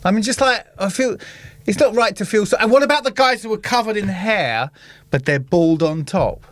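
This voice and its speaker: Man, London accent, podcast host, high voice, dead dry sound, animated comic banter. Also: normal speed, no room sound. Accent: London English. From England. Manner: animated, mimics voices and swears for laughs. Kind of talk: casual comedic chat.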